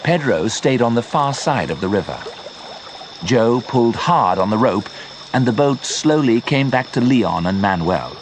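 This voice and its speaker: A man with a British accent reading a graded story aloud for English learners, clear and deliberate. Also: mid-range voice, expressive, slight background noise. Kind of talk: slow graded-reader narration.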